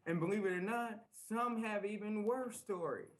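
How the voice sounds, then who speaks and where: Male guest, slightly high pitch, earnest, repeats phrases for emphasis, interview. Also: normal speed. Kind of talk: interview talk. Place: small TV studio.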